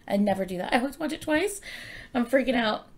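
A young woman hosting a reaction video, excitable and gushing, swearing freely and rambling in casual chat. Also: fairly high pitch, quick pace.

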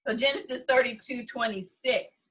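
A woman co-hosting a casual Bible study chat, commenting with animated, laughing energy and quick restarts. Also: on the high side. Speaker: podcast co-host.

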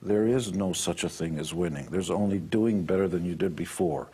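A man's voice: low voice, normal speed, mellow, slightly rough. A man being interviewed on a television talk show, talking in a blunt, preachy way with the odd self-mocking laugh. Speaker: interview guest. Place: television studio.

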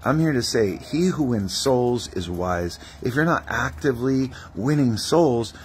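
A man's voice: medium pitch, expressive, a little slow, slight background noise. A man preaching a testimony-style sermon as an evangelist, telling stories animatedly and acting out prayers and dialogue.

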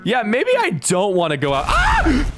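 A man's voice: sits high, a little fast, music in the background. A young man commentating his own gameplay, joking and crying out in sudden yelps as things go wrong. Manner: excitable, jokey, yelps and cries out. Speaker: gaming YouTuber.

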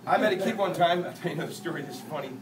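High-voiced man telling stories in an echoey church. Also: racing, a little hiss or hum. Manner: lively, joking storyteller who acts out dialogue. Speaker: guest speaker and singer at a church. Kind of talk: testimony storytelling from the stage. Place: church sanctuary. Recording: echoey church hall, distant mic, guitar.

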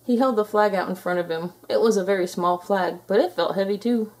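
A woman reading a children's picture book aloud in a calm, steady storytelling manner. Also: mid-range voice, brisk, few pauses. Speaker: storybook reader.

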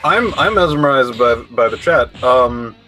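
A man's voice: medium pitch, expressive, measured pace, bright, forceful tone, soft background music. A man co-commentating a computer fight in casual chat, self-mocking and telling jokey stories.

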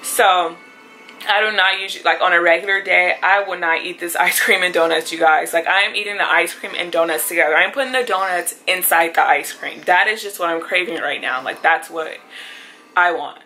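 A woman's voice: lowish voice, fairly quick, bright, forceful tone, rough recording. A young woman vlogging casually at home, chatty and rambling and laughing often. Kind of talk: casual vlog talk to camera.

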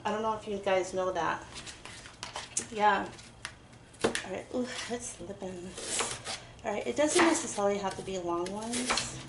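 A woman's voice: mid-range voice, measured pace, pauses often, very noisy. A young woman chatting casually while baking in her home kitchen, rambling and giggly. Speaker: vlogger. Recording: echoey kitchen with clatter. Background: chopping and clinking dishes.

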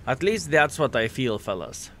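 A man's voice: medium pitch, sing-song, moderate pace, a bit bright, slight background noise. Chatty man commentating gameplay. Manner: chatty, addresses viewers as fellas, playful jokes. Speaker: gaming commentator.

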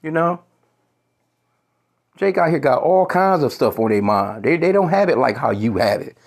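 A man rants straight to his audience in a commentary video, swearing freely and tripping over his own restarts. His voice sits a little higher than most men's. Now and then he pauses to look up and quote scripture. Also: very animated. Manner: profane, heated, repetitive restarts, quotes scripture. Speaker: commentary vlogger.

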